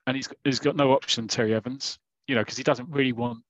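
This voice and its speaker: A man's voice: mid-range voice, brisk, no echo. A man in casual chat, retelling a comic story and acting out its lines. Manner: animated storyteller, acts out the lines. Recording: dull, dry lo-fi audio.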